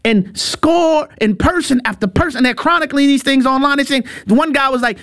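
A man's voice: very high-pitched, moderate pace, hardly any pauses, fairly bright tone. A middle-aged man hosting an opinionated commentary show, talking emphatically and jokingly, repeating words for stress. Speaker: show host.

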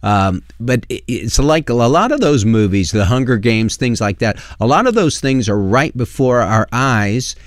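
A man's voice: mid-range voice, expressive, unhurried, hardly any pauses, no echo, clean studio sound. A man hosting a call-in radio show, speaking earnestly and plainly and taking callers.

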